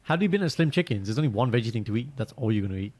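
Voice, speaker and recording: A young man, chatting casually as a podcast co-host. He tells stories with energy, often flipping into a high, squeaky voice to act out what others said. His voice sits at a middle pitch. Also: racing, breathy edge. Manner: animated storytelling, acts out quotes in a high voice. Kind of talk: casual chat.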